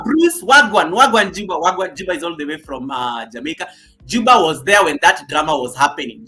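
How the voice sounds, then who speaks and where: Lively high-pitched man hosting a live stream. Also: husky, low-quality recording. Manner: greets viewers by name and reads chat comments aloud; animated, loud bursts of greeting between quiet asides. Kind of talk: casual live stream chat. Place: home set. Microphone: laptop mic.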